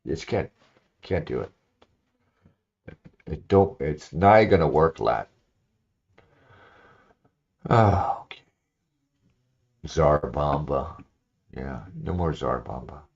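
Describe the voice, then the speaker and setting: A man's voice: a bass voice, expressive, slow pace, gravelly, long pauses, a little mellow. A man hosting a solo livestream, talking in a rambling, opinionated way with lots of "you know" fillers. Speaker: livestream host. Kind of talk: casual solo livestream monologue, reading aloud at times. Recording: slightly dull lo-fi stream audio.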